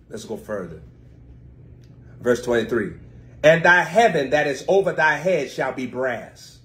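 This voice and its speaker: An American man preaches in a live-streamed sermon, reading scripture slowly before explaining it in chatty, informal asides to viewers. His pitch and loudness swing suddenly.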